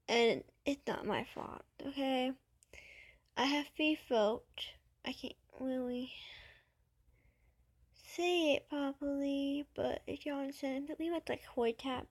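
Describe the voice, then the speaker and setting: Woman vlogger, childlike voice sitting a little high, slow and halting, defensive. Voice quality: babyish, childlike voice. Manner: hesitant, defensive, many fillers. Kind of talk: casual talk to camera.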